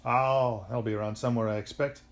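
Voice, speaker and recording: A man's voice: mid-range voice, steady tone, a little fast, lightly acted. A man reading the part of a mischievous, carefree male night sprite in a storybook, breezy and dismissive.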